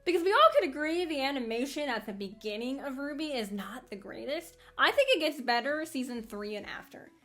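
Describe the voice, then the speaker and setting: A woman hosting a casual anime fan commentary, rambling in an animated way with frequent laughs and restarts. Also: high voice, brisk, hardly any pauses, soft background music.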